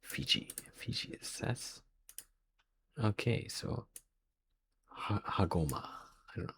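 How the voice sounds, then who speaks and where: A man's voice: on the low side, very animated, takes it slowly, vocal fry, fairly bright tone, slight background noise. A man thinking aloud as he works through a quiz, hesitant and muttering guesses to himself. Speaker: quiz video host.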